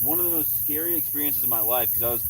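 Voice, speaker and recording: A man's voice: medium pitch, fast talker, recorded from a distance. A laid-back man talks easily beside the water at night, heard a little off the mic. Crickets and insects hum faintly behind him. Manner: easygoing, chatty, says man and bro a lot. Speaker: fishing livestream co-host. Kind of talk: casual chat on a fishing livestream.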